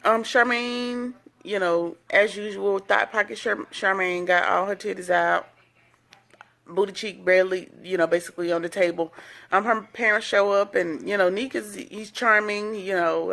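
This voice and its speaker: Sassy woman with a gravelly edge. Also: medium pitch, fairly even intonation, normal speed, a bit bright. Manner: chatty, sassy, gossipy asides. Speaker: reality TV recap host. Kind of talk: casual episode recap commentary.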